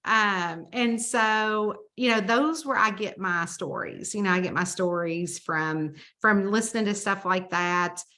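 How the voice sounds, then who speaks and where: A woman from the Southern United States with a Southern American accent, a mystery author telling chatty, animated stories in an interview. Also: medium pitch, a little slow, few pauses. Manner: chatty, animated storyteller who acts out dialogue. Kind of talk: casual storytelling interview.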